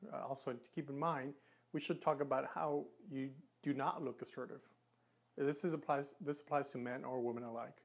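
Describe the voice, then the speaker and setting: A man's voice: medium pitch, steady tone, moderate pace, creaky. Earnest man coaching on assertiveness. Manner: earnest, advising, with frequent restarts and demonstrations. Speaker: communication coach. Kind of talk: instructional talk to camera.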